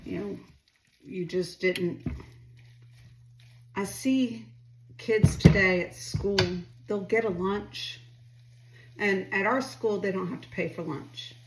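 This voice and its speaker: A middle-aged woman talks casually as she cooks in her home kitchen, drifting from one thought to the next and asking her viewers questions. Her voice sits at an ordinary middle pitch. The room echoes around her, with faint noise in the background. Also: slow, pauses often. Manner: rambling, talkative, asks viewers questions. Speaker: home cooking vlogger. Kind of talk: casual chatty cooking vlog.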